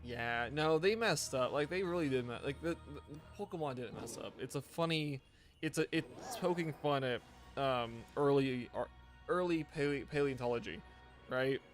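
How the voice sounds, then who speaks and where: A man live-streaming a game, tired and rambling as he chats with his viewers. His voice sits at a middling pitch, and his sentences trip and restart. Faint music plays under his talk. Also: normal speed. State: tired, yawning. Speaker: gaming streamer. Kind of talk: casual live-stream chat.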